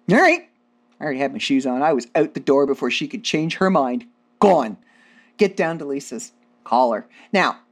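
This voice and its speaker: Animated low-voiced woman telling stories. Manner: animated, self-deprecating, laughs often. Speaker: podcast host. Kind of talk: casual comedic storytelling.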